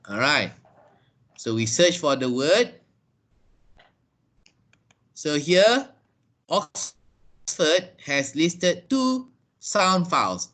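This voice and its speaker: A man teaching online. He speaks slowly in a bright, forceful, fairly high voice. He checks in with his class often and stumbles over repeated words, over a video call. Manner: slow and deliberate, checks in with "yeah?" and "right?". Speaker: English teacher. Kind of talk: online English lesson.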